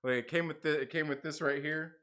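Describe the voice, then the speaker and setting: A man's voice: a little high, a little fast. A man hosting a livestream, telling a rambling story in a casual, repetitive way and acting out the people in it. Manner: animated, repetitive, acts out voices in his story; casual, with mild swearing. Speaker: channel host.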